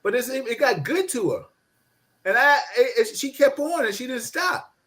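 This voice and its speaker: A man's voice: very high-pitched, normal speed, a little hiss or hum. A middle-aged man telling a childhood story in casual chat, laughing often and acting out the voices of the people in it. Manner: animated, laughing, acts out voices in his story.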